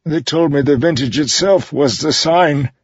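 A man voicing a frightened old male shoemaker who speaks gently and pleads with a trembling voice. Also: on the high side, a little slow, breathy edge, no room sound, dull audio, voice pushed up. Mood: pleading.

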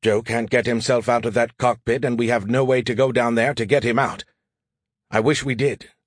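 A man's voice: mid-range voice, level tone, normal speed, no room sound, clean studio sound, close to an everyday voice. Man voicing a haughty, whiny AI in a can. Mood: glum. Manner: haughty, whiny, self-pitying. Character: arrogant sarcastic male AI in a beer can.

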